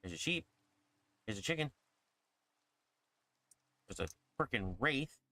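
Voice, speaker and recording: A man's voice: medium pitch, lively intonation, takes it slowly, sharp tone, no echo. A man talking casually and wryly about his game as he plays with a friend. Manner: wry, commenting on his play. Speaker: co-player. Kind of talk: casual gaming chat.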